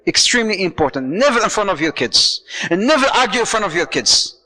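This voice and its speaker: A man giving a playful, lively lecture on marriage to a congregation, dropping Arabic phrases into his talk. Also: high-pitched, brisk. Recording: long hall reverb.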